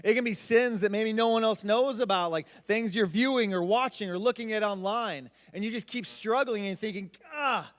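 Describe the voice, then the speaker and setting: High-voiced man preaching in a reverberant hall. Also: moderate pace, few pauses. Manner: animated storytelling with lots of fillers. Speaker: youth pastor. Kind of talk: youth group talk. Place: church hall.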